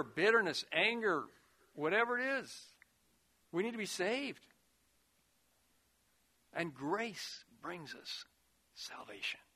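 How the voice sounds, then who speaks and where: A man preaching a sermon, earnest, rising to loud emphasis and dropping to a hushed voice. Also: high-pitched. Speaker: pastor.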